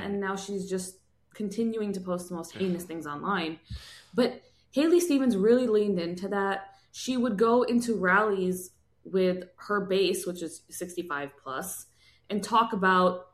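A woman co-hosting a podcast in casual political chat, animated and emphatic, with exasperated asides. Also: mid-range voice, measured pace. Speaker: podcast co-host. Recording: roomy echo.

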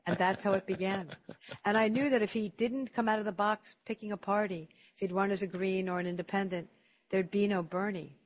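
A man's voice: sits high, fairly even intonation, a little fast. Chatty man hosting an interview. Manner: chatty, repeats words when starting sentences. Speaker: interview host. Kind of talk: casual storytelling interview.

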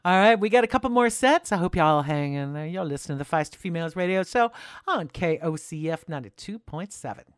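A woman's voice: on the low side, lively intonation, fast. A woman hosting a community radio music show, chatting casually and enthusiastically between songs with the odd laugh. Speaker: radio host.

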